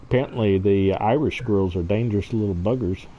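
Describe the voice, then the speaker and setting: A man's voice: on the low side, brisk, warm tone, lo-fi sound, a little hiss or hum. A man hosting a casual gaming livestream, laughing often and reading chat aloud. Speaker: livestream host.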